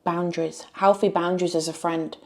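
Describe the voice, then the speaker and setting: Exasperated and firing off rhetorical questions, a woman rants in a reaction review of a reality show. Her lowish voice is brisk, with a level tone.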